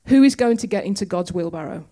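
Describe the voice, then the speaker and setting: A woman's voice: medium pitch, animated, fast, mellow. Chatty woman preaching. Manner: chatty, storytelling, with humor. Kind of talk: conversational sermon. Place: church.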